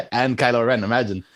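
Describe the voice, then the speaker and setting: A man's voice: medium pitch, dry recording. A man co-hosting a casual movie review podcast, talking in a hesitant way with many restarts. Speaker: podcast co-host.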